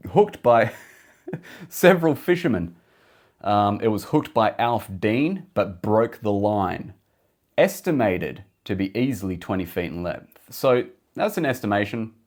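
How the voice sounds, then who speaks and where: A man hosting a podcast, talking casually through facts with jokey asides. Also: on the low side. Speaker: podcast host. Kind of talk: casual solo podcast talk.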